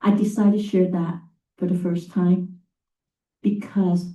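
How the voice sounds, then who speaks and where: A middle-aged woman tells anecdotes from her career to a live audience, speaking in an animated, emphatic way. Her voice sits low and sounds warm and mellow. She stands a little away from the mic, and the room around her carries a noticeable echo. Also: slow pace, recorded from a distance. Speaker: campus facilities and sustainability leader. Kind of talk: storytelling talk to a live audience. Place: talk venue, indoors.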